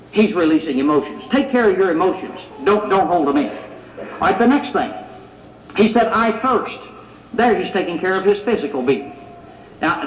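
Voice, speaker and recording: A man's voice: sits high, a little hiss or hum. A man preaching a sermon in a conversational way, asking his listeners rhetorical questions. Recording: echoey hall, dull lo-fi sound.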